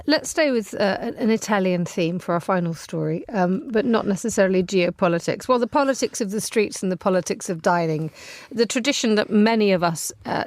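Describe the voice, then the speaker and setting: A woman hosting a radio news programme from a studio, brisk and playful in chat, measured when reading headlines. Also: mid-range voice, a little mellow, no room sound. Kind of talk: news presenting.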